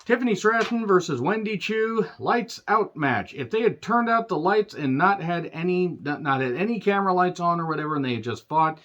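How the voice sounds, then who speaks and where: A man's voice: sits high, expressive, fairly quick, few pauses, fairly bright tone, lo-fi sound. A man reviewing a wrestling show in a sarcastic, profane, exasperated rant.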